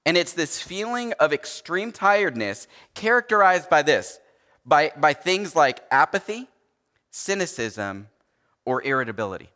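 A male pastor delivers a relaxed, conversational sermon, filling his sentences with small fillers and voicing the people in his stories. His voice is bright and forward, and it carries through the long reverb of a large church hall. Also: on the high side, unhurried. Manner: conversational, uses many fillers and acts out quoted dialogue.

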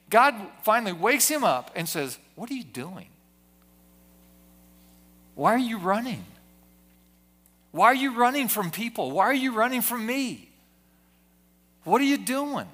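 A man delivering a church sermon in a high, bright voice. He preaches earnestly and doubles back on his words as he drives each point home, speaking to a congregation at a service. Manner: earnest preaching with frequent word repetitions. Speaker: pastor.

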